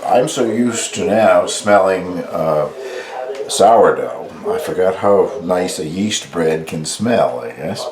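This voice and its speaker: A deep-voiced man who vlogs about home baking rambles casually about cooking, relaxed and full of fillers, moving through his home kitchen and dining room. The room echoes and there's background noise.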